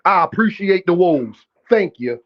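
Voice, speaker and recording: Brash high-voiced male stream host. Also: lively intonation, a little slow, muffled recording. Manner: brash, profane trash-talking; addresses chat directly and calls out viewers. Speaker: boxing livestream host. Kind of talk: casual livestream commentary.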